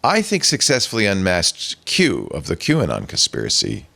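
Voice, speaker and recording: A male host leads a casual tech talk show, playful and theatrical. His voice swoops wildly from low to high, stretching words when he reads something aloud. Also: huge pitch swings, moderate pace, gravelly, pushed and bright.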